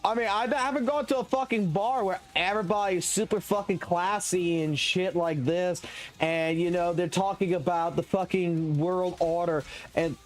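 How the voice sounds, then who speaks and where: A man streaming a game live, ranting with heavy swearing in an animated, excitable way. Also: high voice, normal speed, faint music behind. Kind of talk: profane live stream rant while gaming.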